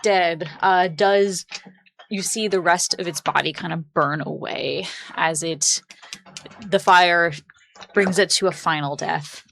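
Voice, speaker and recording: A woman running a tabletop game as game master, narrating in a relaxed, chatty way with fillers and laughs. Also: lowish voice, slow pace, gravelly.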